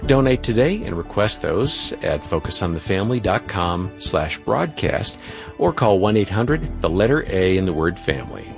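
Low-voiced male radio announcer over music. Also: sing-song, moderate pace, vocal fry.

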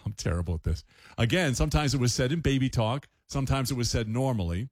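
A man's voice: medium pitch, animated, fast, no echo. A man hosting a scripted radio feature in an upbeat, chatty way, making jokes at his own expense. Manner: upbeat, chatty, laughs at himself. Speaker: radio host. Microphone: studio microphone.

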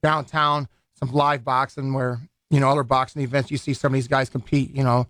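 A man's voice: mid-range voice, flat delivery, fairly quick, fairly bright tone, dry recording. A man, a boxing event organizer chatting loosely in a radio studio interview, full of restarts and fillers. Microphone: studio microphone.

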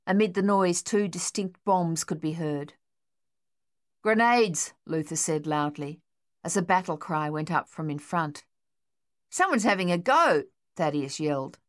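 A woman narrating an audiobook in a measured, even reading. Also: fairly low pitch. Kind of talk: scripted narration.

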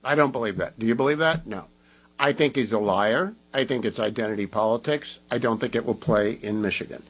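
A man's voice: medium pitch, a little fast, breathy edge, poor audio. A man hosting a talk radio show, delivering an emphatic, opinionated monologue. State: groggy from medication.

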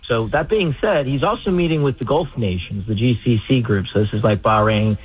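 A male guest expert on the phone for a radio interview, explaining in a measured way. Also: medium pitch, breathy edge. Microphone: phone line. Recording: tinny phone line.

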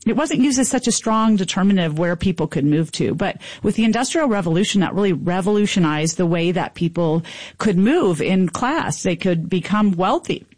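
A woman's voice: fairly low pitch, expressive, normal speed, darkish tone, dry recording. A woman professor being interviewed on radio, explaining fluently. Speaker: linguistics professor guest.

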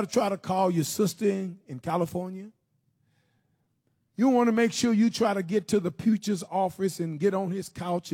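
A man preaching a sermon, questioning his listeners directly and swinging from low, slow passages into shouted, sing-song preaching. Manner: addresses the congregation with direct questions.

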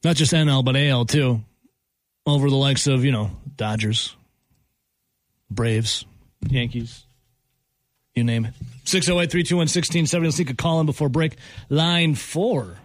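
A man's voice: medium pitch, moderate pace, long pauses, no room sound. A man hosting a sports talk radio show, joking and bantering with callers. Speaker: radio host.

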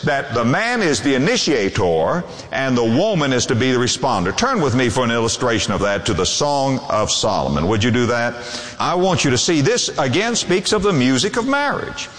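Man, preacher, sermon, lively swooping delivery, long reverb of a big hall. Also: moderate pace. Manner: expressive preaching with sweeping pitch, reading scripture aloud.

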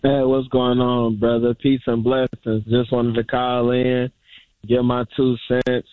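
A male fan calls in over a thin phone line, speaking slowly and deliberately. He rallies his listeners with repeated phrases in a mid-range voice. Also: medium pitch, completely flat delivery, no echo. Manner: measured, rallying, repeats phrases. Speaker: caller. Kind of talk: fan call-in.

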